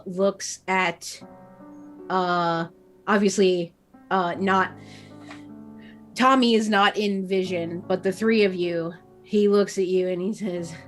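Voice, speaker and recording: A woman's voice: mid-range voice, fairly bright tone. A woman narrating a tabletop game as game master, rambling with lots of fillers.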